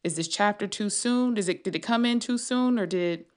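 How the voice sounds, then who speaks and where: Woman writer rambling to herself late at night, lots of restarts, just thinking out loud. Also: medium pitch, moderate pace. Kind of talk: casual late-night monologue.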